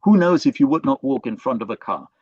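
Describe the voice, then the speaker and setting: A man's voice: medium pitch, lively intonation, quick pace, a little mellow, dry recording, dull audio, natural voice. A man reading out a controlling mother's lines in a mock French accent, chiding and condescending. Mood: scolding. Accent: put-on French accent, weakly done. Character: controlling, smothering middle-aged mother.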